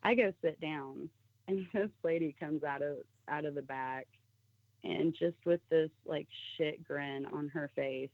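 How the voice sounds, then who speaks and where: A woman's voice: deep voice, measured pace, dry recording. Woman telling a story over a tinny phone line. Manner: animated, acts out the voices of people in her story. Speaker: guest telling a personal story. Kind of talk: casual storytelling on a call-in show.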